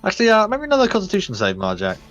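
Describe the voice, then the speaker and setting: A man's voice: high voice, racing, lo-fi sound. Chill guy running a d&d game, wry, faint music behind. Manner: relaxed, wry, restarts phrases. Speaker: dungeon master.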